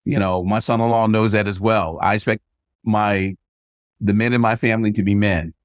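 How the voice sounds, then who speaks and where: A man's voice: lowish voice, normal speed, no echo, clean studio sound. Older man telling family stories. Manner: animated storyteller acting out quoted dialogue. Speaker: guest, retired army sergeant major. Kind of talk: casual storytelling interview.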